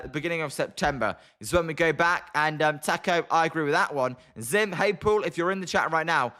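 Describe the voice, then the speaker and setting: Young British man, fairly high voice, quick and chatty live stream commentator. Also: sharp tone. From Britain. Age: young adult. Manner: fast-talking, chatty. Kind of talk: live watch-along commentary and chat replies.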